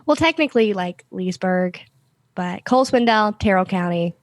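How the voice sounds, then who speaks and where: A woman's voice: medium pitch, animated, moderate pace, dry recording. A woman from the American South with a Southern accent, chatting casually and poking fun at herself as a podcast guest. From Southern United States. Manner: giggly, self-deprecating. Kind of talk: casual chat. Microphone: mailed camera and microphone at home.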